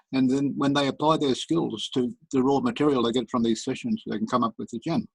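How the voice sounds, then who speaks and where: A man with a gravelly, husky voice, speaking in a measured way on a video call. The sound is dry and close. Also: medium pitch, fairly even intonation, dry recording, poor audio. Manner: measured, ends turn with "over". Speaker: participant.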